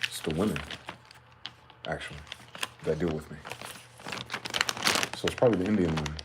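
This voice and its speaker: Guy ranting to camera late at night, cursing a lot, goes loud then mutters, slight background hiss. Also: rumbling low, normal speed, reverberant. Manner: profane, rambling, swings from loud to muttering. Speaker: vlogger.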